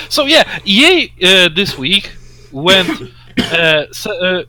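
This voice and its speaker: Bright, lively man chatting on a podcast. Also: high voice, slight background noise. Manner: excitable, sarcastic, quick to laugh. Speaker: podcast co-host. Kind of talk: casual gaming podcast chat.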